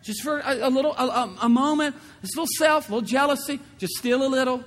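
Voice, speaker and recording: A man's voice: extremely high pitch, fast talker, fairly bright tone, pitched above the performer's own voice. A man voicing a wheedling male tempter spirit who coaxes people to make light of wrongdoing. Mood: coaxing. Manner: coaxing, smooth-talking, making light of sin. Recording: long reverb of a large hall.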